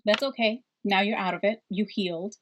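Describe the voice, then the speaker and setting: A woman's voice: medium pitch, steady tone, fairly quick, muffled recording, background noise. A middle-aged woman giving a casual, reassuring spiritual card reading, rambling with fillers. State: out of breath. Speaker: tarot card reader.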